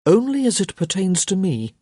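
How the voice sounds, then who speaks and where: A woman voicing a wry young gentleman who makes dry, sardonic remarks. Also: medium pitch, sing-song, moderate pace, slightly rough, no room sound, voice pushed up.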